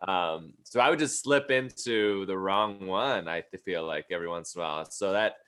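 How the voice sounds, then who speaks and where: Deep-voiced podcast host man. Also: normal speed, fairly bright tone, clear, resonant tone. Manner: hesitant, restarts often. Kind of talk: casual podcast chat.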